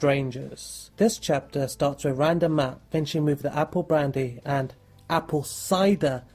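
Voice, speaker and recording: A woman's voice: deep voice, unhurried, a little mellow. A woman co-hosting a podcast, playfully recapping a story with joking asides. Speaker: podcast co-host. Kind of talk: casual book-discussion chat.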